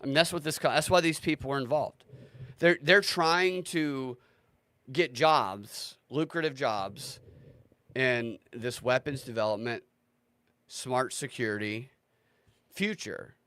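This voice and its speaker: A man's voice: medium pitch, slow, long pauses, bright, forceful tone, dry recording. Man, livestream host, sarcastic, ranting, swears, dry close sound. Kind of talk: casual livestream commentary.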